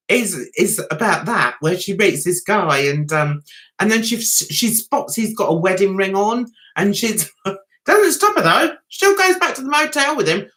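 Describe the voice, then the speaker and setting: This London-accented woman's voice sits at a medium pitch with a slightly bright quality. She hosts a relaxed livestream, talking loosely with viewers, laughing, and singing snatches of tunes.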